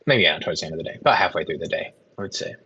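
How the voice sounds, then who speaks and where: A man narrating as game master, halting with frequent ums and restarts. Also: sits low, expressive, sharp tone, husky, no room sound, lo-fi sound.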